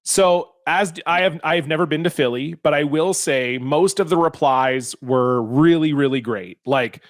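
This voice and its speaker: Animated, swearing male podcast host. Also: fairly high pitch, moderate pace, no room sound, studio quality. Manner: animated, exasperated storytelling with frequent swearing. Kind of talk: casual comedic podcast chat.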